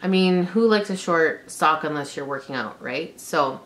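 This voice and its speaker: A woman's voice: sits low, moderate pace. Gushing young woman unboxing. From Canada. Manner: gushing, excitable, lots of gasps and exclamations. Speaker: vlogger. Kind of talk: casual unboxing chat.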